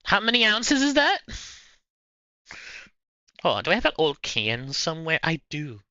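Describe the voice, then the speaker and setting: A man's voice: fairly high pitch, huge pitch swings, a little slow, pushed and bright, no echo, lo-fi sound. A man hosting a livestream, casually chatting with viewers in a playful, rambling way. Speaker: livestream host. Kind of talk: casual chat answering viewers.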